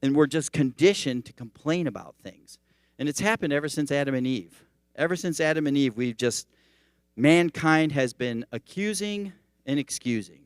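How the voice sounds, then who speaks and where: A man's voice: fairly high pitch, normal speed, no echo, clean studio sound. A male teaching pastor giving a sermon in a conversational, storytelling manner. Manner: conversational, animated storytelling preaching.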